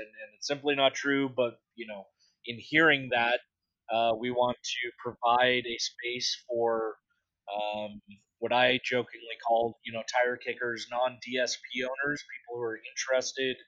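A man's voice: medium pitch, a bit bright, dull audio. A young man chatting casually on a podcast, blunt and profane, rambling with lots of fillers. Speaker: podcast co-host, distillery industry board representative.

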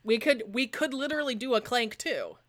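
A young woman co-hosting a podcast in animated, jokey casual chat, laughing often. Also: fairly high pitch, fairly quick. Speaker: podcast co-host.

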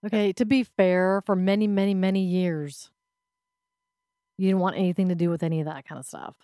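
A woman's voice: on the low side, fairly even intonation, a little fast, warm tone, clean tone, no echo. A woman co-hosting a casual podcast, answering with dry, wry retorts. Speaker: podcast co-host. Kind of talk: casual chat.

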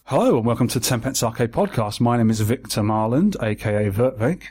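Chummy podcast host. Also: male voice, medium pitch, expressive, a little mellow, slightly rough, faint music behind. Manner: chummy, easygoing, quick reactions. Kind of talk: casual chat.

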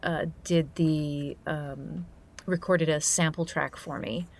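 A woman's voice: deep voice, steady tone, takes it slowly. A woman who narrates audiobooks, chatting as a guest in an interview, laughing often between many fillers and restarts. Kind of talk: casual interview chat.

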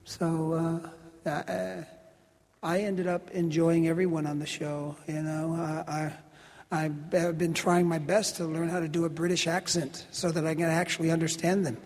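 A man, an actor, fielding fan questions at a convention panel in a loud, teasing, joking way. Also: on the high side, flat delivery. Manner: brash, teasing, quick to cut people off. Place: large convention hall. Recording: echoey hall over a PA.

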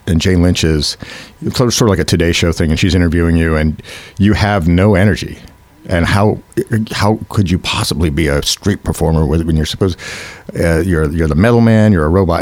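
A man, an actor, telling a story from an audition in a casual chat, animated and quick to laugh, slipping into the voices of the people he quotes. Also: sits low, no room sound.

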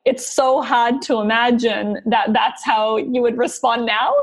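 A woman's voice: a little high, steady tone, unhurried. A woman hosting a podcast, reacting to her guest with effusive praise and encouragement and many casual fillers. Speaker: podcast host. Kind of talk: casual interview chat.

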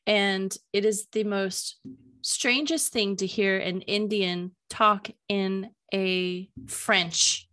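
A woman's voice: mid-range voice, fairly even intonation, extremely slow, bright, forceful tone. A woman, the podcast's producer, joining a casual chat and telling a story in a hesitant way.

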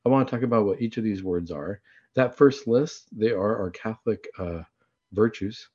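A man hosting a Catholic talk show, chatting in a casual, conversational way and often clearing his throat. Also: fairly low pitch, normal speed, a little mellow. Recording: dull lo-fi recording.

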